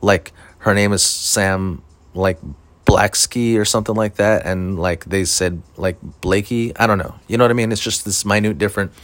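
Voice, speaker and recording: A man's voice: on the low side, steady tone, normal speed, no echo. A man, a stand-up comedian, telling a story in a rambling, profane, casual way with lots of fillers.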